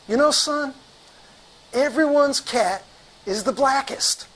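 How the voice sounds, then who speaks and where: A man playing an irritated, imposing male doctor who lectures slowly and sternly. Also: very high voice, a bit bright, pitched above the performer's own voice, heavily acted, rough recording. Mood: dismissive.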